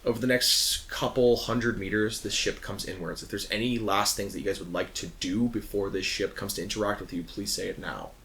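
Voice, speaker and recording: Brief: bright, lowish male game master, rambling and casual. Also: steady tone, brisk, few pauses. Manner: laid-back, rambling description full of fillers. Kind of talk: narrating a tabletop game.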